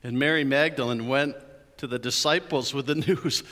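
Animated man preaching in an echoing church. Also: medium pitch, normal speed. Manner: animated storytelling with playful asides. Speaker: pastor. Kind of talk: Easter sermon. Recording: hall reverb.

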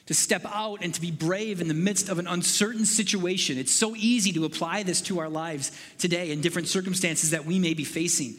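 A man preaching with a high, light voice that rings through a reverberant hall. He speaks earnestly and piles up questions with growing urgency. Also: brisk, hardly any pauses, fairly bright tone. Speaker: pastor. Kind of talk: sermon.

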